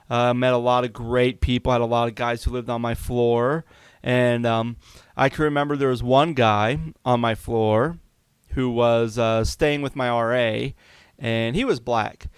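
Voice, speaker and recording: Smooth-voiced man telling a candid story. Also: medium pitch, dry recording. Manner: confessional, conversational, many fillers. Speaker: podcast host.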